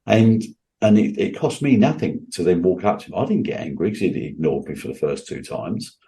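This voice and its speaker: A man speaking as an interview guest, earnest and emphatic. He has a low voice with a dark, mellow tone and often restarts his sentences as he pushes his point. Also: lively intonation, fairly quick, a little hiss or hum. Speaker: guest entrepreneur.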